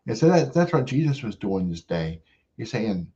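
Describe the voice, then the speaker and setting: A man hosting a devotional talk who speaks reflectively, pausing and letting his phrases trail off softly. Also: on the low side, sing-song, muffled recording. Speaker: host.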